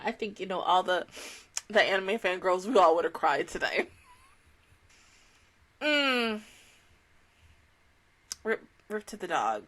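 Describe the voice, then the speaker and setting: A woman's voice: mid-range voice, animated, takes it slowly, pauses often, bright, forceful tone. A woman reacting to an anime in casual chat, swearing and emotional.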